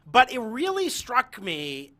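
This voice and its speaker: A man's voice: very high voice, wildly swooping pitch, slow pace, sharp tone. A man hosting a live-streamed talk show, with a polished, emphatic broadcast delivery.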